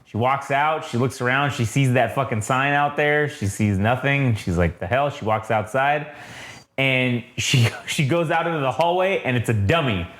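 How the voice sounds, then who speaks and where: A man's voice: medium pitch, moderate pace, fairly bright tone, echoey room. A man co-hosting a podcast, retelling a comic's plot casually with lots of swearing and acted-out quotes. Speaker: podcast co-host. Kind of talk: casual comic review chat.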